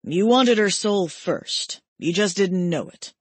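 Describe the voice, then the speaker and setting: A woman narrator voicing a gentle, teasing male best friend in an audiobook, drawing out his words slowly. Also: mid-range voice, lively intonation, slightly rough, no room sound.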